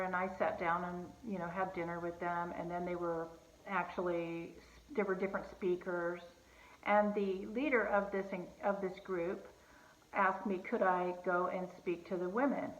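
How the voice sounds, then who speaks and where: A woman casually telling a personal faith testimony, earnest and conversational, with fillers and restarts. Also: lowish voice. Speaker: host sharing a personal testimony. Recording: echoey room, slightly dull sound.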